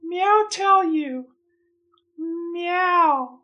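A man's voice: extremely high pitch, very slow, muffled recording, pitched above the performer's own voice, full character voice. A man voicing an insecure female puppet cat who whines and works meows into every sentence. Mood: pleading.

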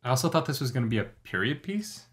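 A man's voice: medium pitch, sing-song, fast. A man hosting a casual reaction video, chatty and joking with his co-host.

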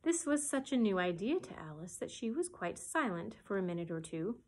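Husky-voiced woman reading a storybook aloud. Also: medium pitch, a little fast, rough recording. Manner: expressive storytelling. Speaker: children's librarian.

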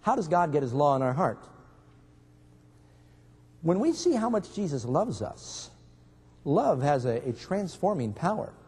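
A pastor preaches in a somewhat high, husky, slightly mellow voice, weaving stories into his sermon and putting questions to the congregation. His delivery is sing-song and measured with long pauses, and a long reverb suggests a large church hall.

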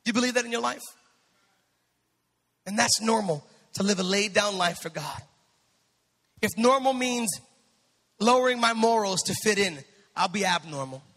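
A male pastor preaching a sermon in a church, impassioned, building to shouted peaks and joking with the congregation. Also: sits high, animated, normal speed, long pauses. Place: church sanctuary. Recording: reverberant church hall.

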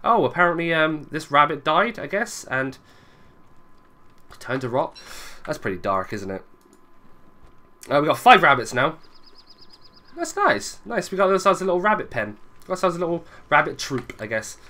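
A man's voice: fairly high pitch, big pitch swings, moderate pace, pauses often, pushed and bright. A young man giving chatty let's play commentary, muttering asides to his viewers as he plays. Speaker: gaming video creator.

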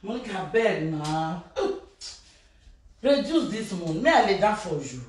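A woman with a Nigerian accent gives animated gossip commentary, mimicking people, laughing and shouting. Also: on the low side, measured pace. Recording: very echoey room, voice far from mic.

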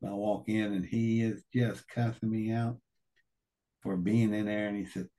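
A man's voice: lowish voice, fairly even intonation, a little slow, mellow. A man as an interview guest telling a colorful, profane story, acting out the other people's voices.

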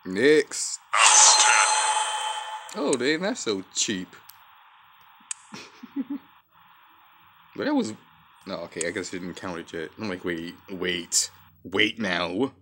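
Gamer guy, low-ish voice that swings wide, swears a lot, reacts loud to every hit, noisy background. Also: sing-song, slow, pauses often. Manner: profane, trash-talking, reacts loudly to the game. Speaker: gaming channel host. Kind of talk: live gameplay commentary. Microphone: off-camera voice-only mic.

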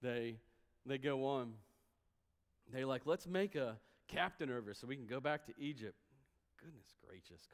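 A man's voice: on the high side, clean tone. A man preaching a sermon as a pastor, in a conversational style, acting out the voices of the people he quotes. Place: church sanctuary. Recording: long hall reverb.

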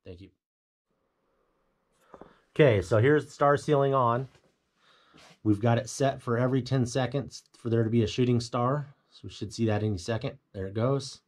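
A man's voice: medium pitch, moderate pace, pauses often. A man giving a casual walkthrough of a home theater build, explaining things plainly with fillers and self-corrections. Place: home theater room, indoors.

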